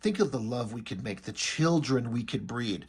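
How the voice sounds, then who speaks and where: A man's voice: medium pitch, animated, normal speed, breathy edge, pitched below the performer's own voice. Man reading as an arrogant villainess. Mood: haughty. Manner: reads comic dialogue in own voice. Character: cold arrogant woman villain, comic book.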